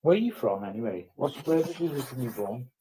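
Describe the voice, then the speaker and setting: A man's voice: mid-range voice, animated, fast talker, mellow, a little hiss or hum. A man hosting a casual livestream, ranting and swearing in between jokes. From Wales. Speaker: livestream host.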